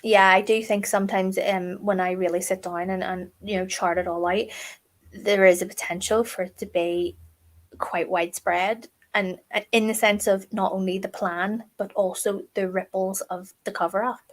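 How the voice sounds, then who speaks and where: A woman's voice: medium pitch, little pitch movement, normal speed. A middle-aged woman co-hosting a true crime chat, telling stories in a chatty, emphatic way with lots of fillers. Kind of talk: casual chat.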